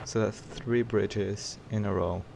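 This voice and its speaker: Low-voiced man streaming a flight sim. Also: slow, gravelly, noisy background. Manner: excitable, talks to chat. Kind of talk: live flight sim gameplay commentary.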